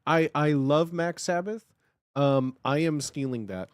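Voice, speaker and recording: A man streaming casual reaction commentary, excitable and slangy, often repeating himself. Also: a little high, measured pace, no echo.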